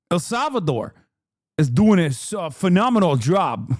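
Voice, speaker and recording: A man's voice: on the high side, very animated, takes it slowly, no echo, clean studio sound. A man streaming casual reaction commentary, profane and mocking, breaking into laughter.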